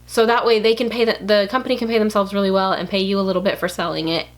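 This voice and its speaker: A woman talks straight to her viewers in a loose, unscripted way, frank and blunt, with plenty of fillers and restarts along the way. Her voice sits at an everyday middle pitch for a woman. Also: fairly even intonation, fast. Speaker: YouTuber. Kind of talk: casual advice monologue.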